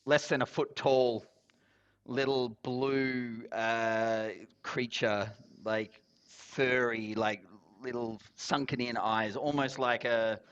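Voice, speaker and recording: A man narrating a tabletop game as game master, rambling and halting with fillers. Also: medium pitch, steady tone, fairly bright tone, smooth, lo-fi sound.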